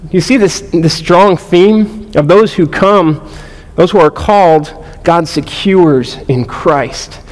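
A man's voice: sits high, slow pace. Earnest man teaching from Scripture. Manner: earnest, repeats words, asks the room questions. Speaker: pastor or Bible study teacher. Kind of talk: teaching sermon, verse by verse. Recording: long reverb in a large room.

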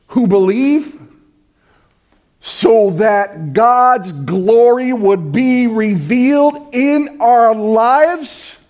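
A man preaching a sermon, swinging between loud proclamation and hushed, intimate asides. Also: high voice. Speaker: pastor.

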